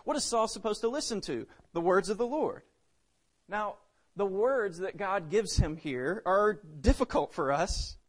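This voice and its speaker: A man preaching a sermon, swinging between loud emphasis and hushed drops. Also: high voice, expressive, measured pace.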